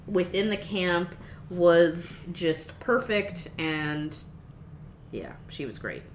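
A woman's voice: fairly low pitch, very animated, takes it slowly, slight background noise. A woman co-hosting a casual movie podcast, loose and filler-heavy, laughing at herself. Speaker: podcast co-host. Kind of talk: casual movie review chat.

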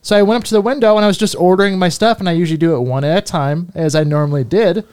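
A man's voice: high voice, rapid-fire, darkish tone, smooth. A young man co-hosting a podcast, telling rambling anecdotes in wry, casual chat. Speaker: podcast co-host.

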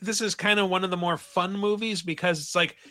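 A man's voice: sits high, fairly even intonation, fairly quick, pushed and bright. A man in a casual film-review chat, speaking with enthusiasm. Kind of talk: casual movie discussion.

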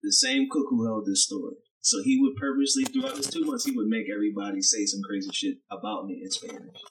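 A man's voice: lowish voice, very animated, fast talker, a little hiss or hum, low-quality recording. A man co-hosting a podcast, telling a story in casual chat, acting out the people he quotes and swearing freely. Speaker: podcast co-host, chef.

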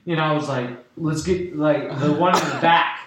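A man's voice: a little high, moderate pace, background noise. Profane young man telling a story, laughing. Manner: laughing, profane, rambling with many "like"s. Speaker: podcast guest. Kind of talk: casual storytelling. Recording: roomy room with loud laughter.

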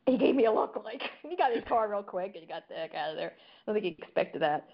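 A woman's voice: medium pitch, expressive, fast talker, hardly any pauses. Chatty woman telling stories, lo-fi audio. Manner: chatty storyteller. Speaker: guest. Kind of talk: casual conversation. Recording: dull lo-fi audio.

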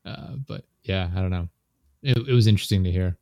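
A man's voice: sits low, a little fast, warm tone, no echo. A young man, hosting a podcast in casual chat and rambling through stories with lots of fillers. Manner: rambling, filler-heavy storytelling. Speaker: podcast host.

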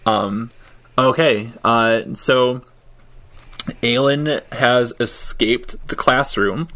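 A man narrating a tabletop role-playing game as game master, halting, with many ums and frequent laughter. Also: medium pitch, fairly bright tone. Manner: halting, full of ums and likes, laughs often.

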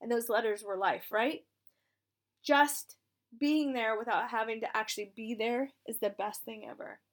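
Hoarse woman giving frank pep talk. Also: a little high, steady tone, normal speed. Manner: frank, encouraging, swears casually, asks "right?". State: hoarse, raspy voice. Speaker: military spouse sharing advice. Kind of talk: casual direct-to-camera talk.

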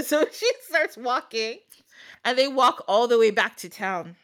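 A woman's voice: a little high, animated, moderate pace, fairly bright tone. A woman podcast host retelling a folk tale in a casual, chatty way, laughing often and dropping slangy asides. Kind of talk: casual storytelling.

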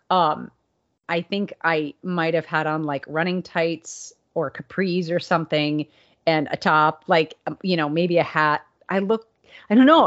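A woman co-hosting a casual podcast chat, telling a story with lively acted-out quotes. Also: low-pitched, normal speed. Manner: animated storyteller, acts out quotes. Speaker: podcast co-host. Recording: dull lo-fi sound.

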